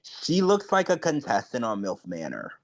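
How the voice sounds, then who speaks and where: A man's voice: medium pitch, wildly swooping pitch, normal speed. Chatty, blunt man podcast co-host. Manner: chatty, heavy use of "like", frank and blunt. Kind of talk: casual chat.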